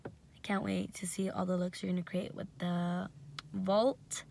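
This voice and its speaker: A woman's voice: on the low side, unhurried, creaky. A young woman vlogger casually telling a storytime between bites, with lots of "like" and quoted dialogue. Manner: animated retelling with lots of "like". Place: indoors, eating at a table. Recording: echoey room from a distance with some noise.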